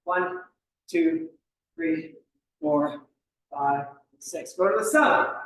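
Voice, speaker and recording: Male fitness instructor, encouraging, counts reps; high voice, distant mic in a very echoey room. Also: huge pitch swings, very slow, creaky, fairly bright tone, a little hiss or hum. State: slight cough. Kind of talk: coaching an exercise class.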